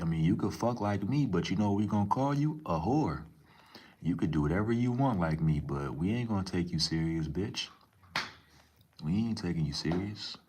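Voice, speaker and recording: A man's voice: rumbling low, darkish tone. A young man live streaming, talking casually and reading chat aloud, laid-back and profane with lots of slang.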